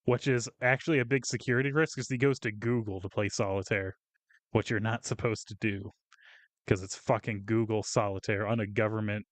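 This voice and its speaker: A man's voice: on the low side, steady tone, a little fast, dry recording. A man co-hosting a casual podcast, venting profanely about coworkers and acting out their lines. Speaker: podcast co-host.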